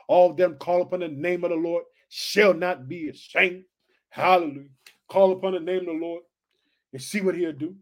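A man with a notably high voice preaches with fire, reading scripture aloud and breaking off to call out to his listeners again and again. His delivery is exclamatory and urgent, driving each point home with repetition. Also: darkish tone. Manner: exclamatory, repeats calls to the listeners. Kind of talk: fiery sermon with scripture reading.

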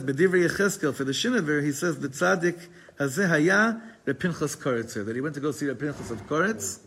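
A man's voice: mid-range voice, fairly bright tone, breathy edge. A man teaching a Torah class, reading Hebrew passages aloud and explaining them in casual, digressive English. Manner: digressive, talkative, with frequent restarts.

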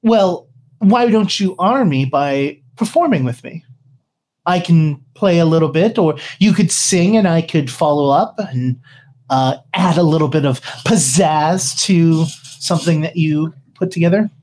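A woman's voice: deep voice, unhurried, warm tone. A woman doing a laid-back elf bard. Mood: inviting. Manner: friendly, courteous, easygoing. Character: relaxed male whisper elf lute player.

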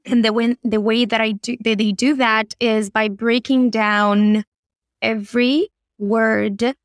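Young argentine woman w/ accent, animated storyteller, dry close mic. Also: on the high side, unhurried, clear, resonant tone, dry recording. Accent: Argentine Spanish. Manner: animated storyteller, laughs often. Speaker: guest. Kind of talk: conversational interview.

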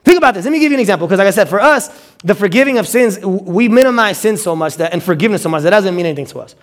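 A male pastor preaching with a notably high voice. He swings into quoted voices and repeats words as he pushes his points along. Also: very fast. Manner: animated, acts out quotes with stammered repeats. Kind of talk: sermon.

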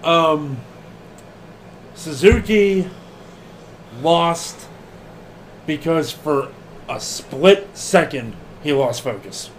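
A man co-hosting a casual wrestling podcast, animated and laughing often, swearing freely and acting out what people said. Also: a little high, extremely slow, pauses often, slight background noise. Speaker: podcast co-host.

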